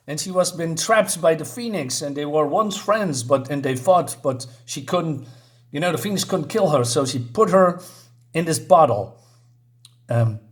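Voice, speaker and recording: Man, comic reviewer, casual retelling, reads lines in playful voices, fairly high voice, very lively pitch. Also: a little slow, long pauses. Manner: chatty, reads dialogue in playful voices, giggles. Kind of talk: casual comic review, reading panels aloud.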